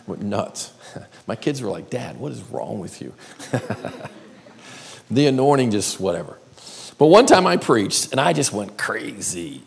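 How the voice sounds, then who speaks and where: Gravelly middle-aged male preacher, animated. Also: lowish voice. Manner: animated, swinging from loud exclaiming to whispering. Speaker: pastor. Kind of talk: sermon. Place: church sanctuary. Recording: long hall reverb.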